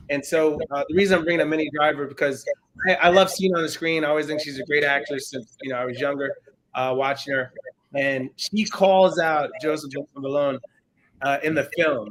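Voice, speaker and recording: A man in his thirties hosting a podcast, chatting casually about a film and acting out quotes with lively energy. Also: a little high, a little fast, low-quality recording. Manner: animated, storytelling, acts out quotes. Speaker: podcast host. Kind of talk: casual film review chat.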